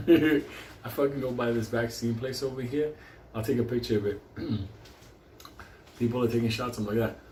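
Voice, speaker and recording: A man's voice: medium pitch, normal speed, long pauses, a little mellow. A man on a profane, rambling rant, drifting off mid-thought and restarting. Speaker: vlogger. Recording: roomy echo, faint ambience.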